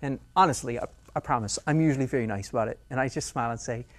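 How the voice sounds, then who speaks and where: Male art instructor, middle-aged, animated demo-lesson delivery with self-mocking humor. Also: mid-range voice, racing. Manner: animated, self-mocking, breaks into laughs and playful squeals. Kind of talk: painting demonstration lesson.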